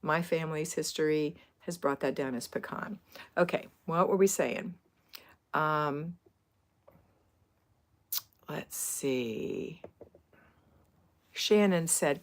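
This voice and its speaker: A woman's voice: low-pitched, takes it slowly, long pauses. A middle-aged woman from Florida hosting a homemaking livestream, chatting casually and rambling as she answers viewers' comments. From Florida, USA.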